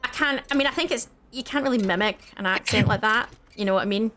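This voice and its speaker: A woman from the Scottish Highlands with a Scottish accent, co-hosting a gaming video and chatting casually, rambling with lots of fillers and restarts. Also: fast talker, pushed and bright, a little hiss or hum. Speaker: gaming channel co-host. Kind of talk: casual chat while gaming.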